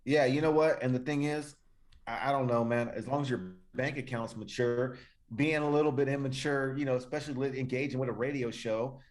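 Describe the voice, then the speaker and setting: A man's voice: medium pitch, fairly even intonation, a little fast, darkish tone. A man co-hosting a podcast, giving loose, rambling opinions full of slang. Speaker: podcast co-host. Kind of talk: casual profane podcast chat.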